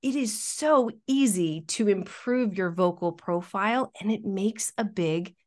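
A woman's voice: mid-range voice, unhurried. A middle-aged woman, a workplace communication consultant, explaining practical speaking tips in a podcast interview.

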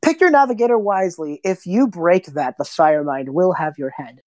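A woman playing a boastful male genius mage, smug, self-praising, deep low voice, dry close sound, tabletop game. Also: animated, moderate pace, a little mellow, no room sound, lightly acted.

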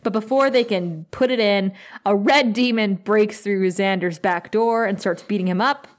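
Animated woman recapping with a laugh. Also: mid-range voice. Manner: animated, quick to laugh, acts out dialogue. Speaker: podcast co-host. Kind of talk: casual recap chat.

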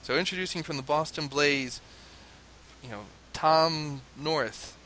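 A man from the United States, a father, telling a lively anecdote in casual conversation, laughing often and mimicking chanting crowds. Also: on the high side, measured pace, a little hiss or hum.

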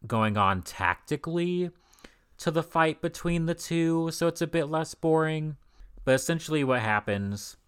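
A man's voice: lowish voice, fairly bright tone, clean tone. A man co-hosting a podcast, casually recapping an old comic with dry, sarcastic, profane commentary. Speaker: podcast co-host. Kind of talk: casual comic book discussion.

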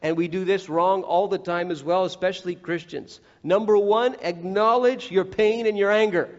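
A man with a high voice preaches an earnest sermon at a moderate pace and with a steady tone, addressing his listeners directly and acting out the voices he quotes. The sound echoes at length through a large hall, and the recording is dull and lo-fi.

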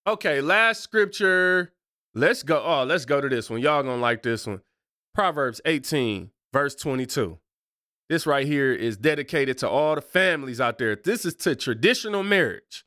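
Bright-voiced, slangy male podcast host. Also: a little high, expressive, moderate pace, clear, resonant tone, no echo, studio quality. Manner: loose, slangy and digressive. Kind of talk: casual faith podcast talk.

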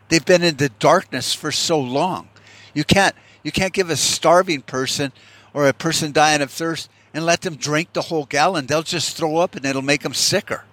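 A man's voice: a little high, fairly bright tone. A man delivering a heated, profane, rambling monologue as a podcast host. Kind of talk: casual rant monologue.

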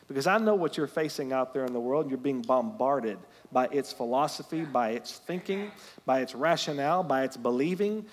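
A pastor delivers a lively sermon in a fairly high male voice. He tells stories and climbs to loud, emphatic peaks. The sound carries the long reverb of a church sanctuary. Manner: animated, rising to loud emphatic peaks, storytelling asides.

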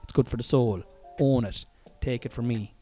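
Irish man, casual storytelling monologue, frank, swears a lot, chuckles, warm mellow tone. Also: mid-range voice, moderate pace, faint music behind. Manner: frank and profane, often chuckling, rambling asides.

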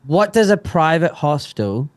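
Glasgow guy in his 40s, animated chatty guest, laughs a lot, voice jumps around. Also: on the high side, moderate pace, dry recording. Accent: Scottish, Glasgow. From Scotland. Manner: animated, laughs often, swears mildly. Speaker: podcast guest, surgeon. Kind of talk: casual chat.

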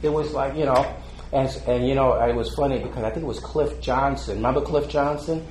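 An older man is being interviewed, telling stories casually in a mid-range, darkish voice at a slightly fast pace. He's heartfelt and rambling, with many fillers and frequent laughter. The recording sounds roomy, with faint background ambience and a little hiss or hum.

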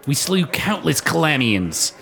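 A man's voice: fairly high pitch, very animated, measured pace, vocal fry, pushed and bright. A man playing a tabletop game, recounting his party's deeds in an earnest manner. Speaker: player.

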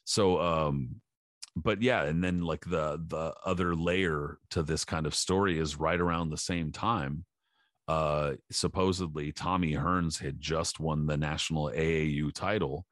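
Very deep-voiced man, blunt and profane. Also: fairly even intonation, a little slow, fairly bright tone, no room sound, studio quality. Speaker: podcast co-host. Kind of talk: casual podcast chat.

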